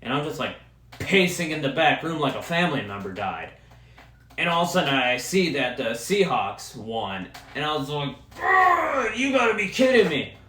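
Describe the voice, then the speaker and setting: A man's voice: mid-range voice, normal speed. Heated, profane young man in an echoey room. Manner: profane, heated, excitable sports fan. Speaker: podcast host. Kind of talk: casual solo rant.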